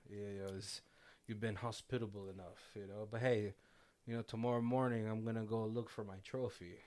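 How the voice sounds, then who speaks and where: A man's voice: lowish voice, fairly even intonation, a little fast, a little mellow. A man hosting a casual movie commentary chat, retelling scenes with quoted lines and frequent laughs. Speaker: podcast host.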